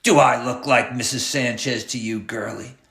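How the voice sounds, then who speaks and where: Here a man pushes his voice up to a gravelly, fairly bright medium pitch, keeping a steady tone and moderate pace. As the cruel clown bus driver he barks sneering, bossy threats with menace, and the room echoes noticeably.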